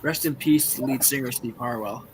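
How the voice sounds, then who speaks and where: A man's voice: medium pitch, normal speed, a little hiss or hum, rough recording. A man in a casual online group chat, eagerly rattling off movie trivia over a voice call. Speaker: guest on a birthday stream.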